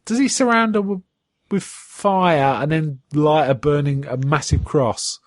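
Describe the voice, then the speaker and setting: A man's voice: a little high, measured pace, no room sound, clean studio sound. A man recapping an old TV episode on a podcast, chatty and full of fillers and restarts, with quotes acted out in a raised voice. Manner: animated retelling, acts out quotes in a raised voice. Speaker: podcast co-host. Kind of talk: casual episode recap chat.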